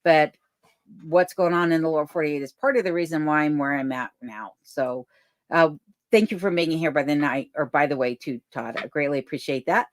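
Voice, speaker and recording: A woman hosting a live stream from her home, reading viewer comments aloud and chatting back in a relaxed, easygoing way. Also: sits low, a little fast, no room sound, studio quality. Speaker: livestream host reading chat comments. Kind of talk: casual live chat. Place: home in remote Alaska. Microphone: desk microphone.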